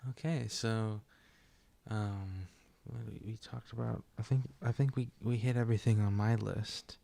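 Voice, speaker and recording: A man's voice: lowish voice, fairly even intonation, a little slow, gravelly, warm tone, dry recording. A man hosting a casual interview and prompting his guest with easygoing questions. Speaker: interview host.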